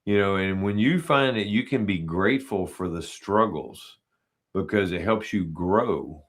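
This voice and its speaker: A man talking casually as a podcast guest, telling stories in a relaxed way and voicing the lines he quotes. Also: deep voice, a little slow. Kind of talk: casual conversation.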